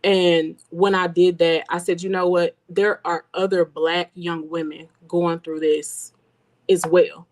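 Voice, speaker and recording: A woman's voice: fairly low pitch, level tone, takes it slowly, a little mellow. A young adult woman introducing herself as a guest, sincere and a little hesitant. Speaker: guest, career coach.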